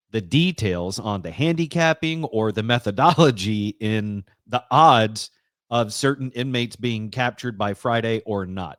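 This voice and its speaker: A man chatting on a podcast with a lively, swinging voice that rises when he laughs. The sound is dry and close, with no room around it. He reads news snippets aloud and jokes with his co-hosts. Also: lowish voice, no room sound. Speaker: podcast co-host. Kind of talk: casual podcast chat.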